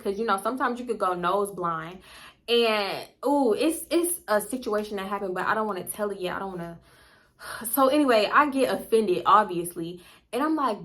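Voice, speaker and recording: A woman's voice: medium pitch, normal speed, a bit bright. A young woman vlogger telling a storytime casually, chatty and slangy, swearing freely and acting out what people said.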